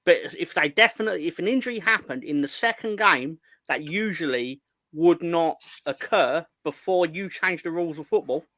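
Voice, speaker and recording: Man, deadpan sarcasm, bright tense voice, high-ish, dry sound. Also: normal speed, no room sound. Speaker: regular pundit on a fan show. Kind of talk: casual banter.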